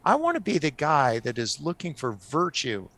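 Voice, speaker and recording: Gravelly, upbeat man telling stories. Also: fairly high pitch, moderate pace, no echo. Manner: animated and laughing while telling stories. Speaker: guest author. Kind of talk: casual storytelling on a podcast.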